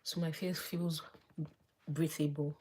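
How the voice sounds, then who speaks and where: A beauty vlogger does her makeup live, chatting casually, thinking aloud and sinking into soft murmurs as she works. Her voice is low, husky and slow, with little movement in pitch.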